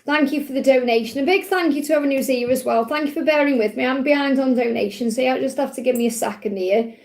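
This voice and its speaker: A high-pitched woman hosts a live spiritual Q&A stream. She talks in a casual, chatty way, reassuring her viewers and checking in with them often. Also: fast talker, darkish tone. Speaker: spiritual reader hosting a live Q&A. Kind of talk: casual livestream reading.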